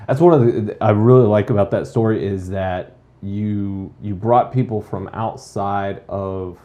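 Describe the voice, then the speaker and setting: A man with a fairly low voice hosts a casual interview. He is lively and animated, acting out the voices of the people he quotes. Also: a little slow. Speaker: podcast host.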